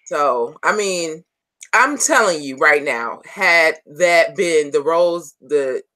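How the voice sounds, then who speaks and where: A woman co-hosting a casual podcast, making a slow, emphatic point about the show. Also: low-pitched, animated, pushed and bright. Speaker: podcast co-host. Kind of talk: casual chat.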